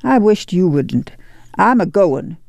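A woman's voice: fairly low pitch, very animated, slow, vocal fry, darkish tone, dry recording, exaggerated voice. A man voicing a stubborn, pregnant young farm woman who answers in short, sulky rural dialect.

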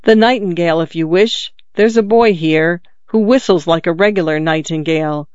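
A man's voice: fairly high pitch, moderate pace, a little mellow, clean tone, dry recording, lo-fi sound, close to an everyday voice. A man voicing an awkward, earnest sailor on a river steamer. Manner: awkward, insistent.

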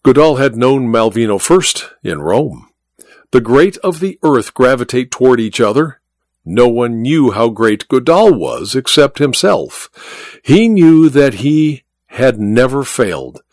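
A man reading a classic story aloud as narrator, with an expressive storytelling delivery. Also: medium pitch, a little slow, no echo, studio quality.

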